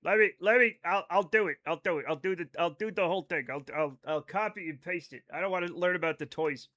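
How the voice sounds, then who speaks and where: A man's voice: sits high, fast, sharp tone. A man with a Rhode Island accent, chatting casually on a live game stream, rambling as he reads chat aloud and riffs on it.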